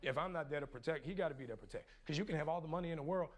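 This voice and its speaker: A man's voice: fairly high pitch, racing. A middle-aged father speaking in a firm, proud, declarative way. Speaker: father being interviewed.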